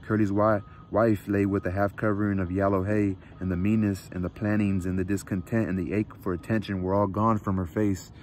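A man reading a novel aloud at a measured pace, sometimes stopping to correct his slips. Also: fairly low pitch, flat delivery, a little mellow, a little hiss or hum. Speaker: reader.

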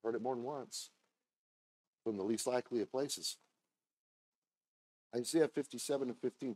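A man preaching a sermon as pastor, talking conversationally with asides to the congregation and reading scripture slowly and deliberately. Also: mid-range voice, a little mellow, dry recording.

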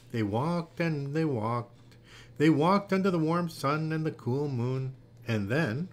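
A man gently and expressively reading a children's picture book aloud. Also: medium pitch, slight background noise. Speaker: storyteller.

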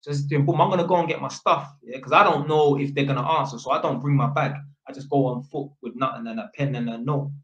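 A man's voice: medium pitch, steady tone, quick pace, few pauses, a bit bright, lo-fi sound. Slangy man in an echoey room. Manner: slangy and sweary, full of innit and fam. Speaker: electrician. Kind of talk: casual storytelling to camera.

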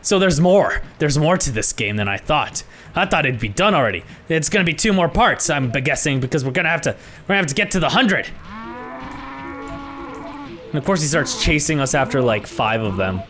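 Excitable young man swearing through a game. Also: a little high, a little fast, a little hiss or hum. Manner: excitable, swears a lot, yells when startled. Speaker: gaming YouTuber. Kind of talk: let's-play commentary.

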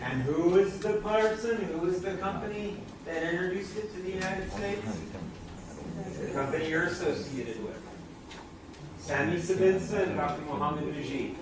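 A man's voice: high-pitched, normal speed. A man giving a chatty product presentation, asking the audience questions, recorded from a distance in a noisy, echoey room. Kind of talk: live product talk to an audience.

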